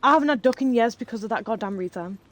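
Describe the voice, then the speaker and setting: A woman's voice: a little high, animated, very fast. A woman streaming live, telling rambling stories in casual chat while she plays a game and swearing freely. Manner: chatty, rambling storyteller who swears freely.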